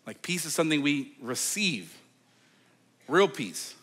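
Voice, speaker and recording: A man delivers a sermon with a bright, forceful edge to his voice and a somewhat high pitch. He tells the story in a loose, chatty way, peppered with fillers, and acts out the voices of the people in it. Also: unhurried. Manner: animated storytelling, acting out quoted voices; conversational, with many fillers like "like" and "okay". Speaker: pastor.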